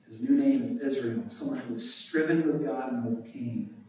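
A man preaching a sermon and reading scripture aloud, animated and emphatic, his voice jumping up on key words. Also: medium pitch, moderate pace. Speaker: pastor. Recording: echoey room, voice from a distance.

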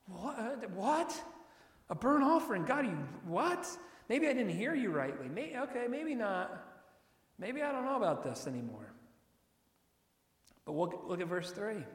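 Man preaching in an echoey hall. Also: fairly high pitch. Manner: expressive preaching, reads scripture slowly with emphasis. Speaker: pastor. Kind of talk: sermon.

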